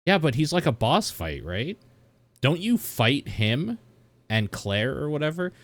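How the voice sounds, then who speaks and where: A man's voice: a little high, very animated, unhurried. A man giving rambling, casual commentary while reacting to a video, laughing now and then. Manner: chatty, rambling, laughs often.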